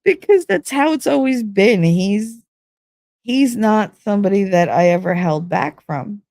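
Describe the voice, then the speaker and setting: A woman's voice: medium pitch, expressive, unhurried, creaky, a little mellow, no echo, studio quality. A woman casually telling a candid, profane personal story, acting out both sides of the conversation. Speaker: stream host.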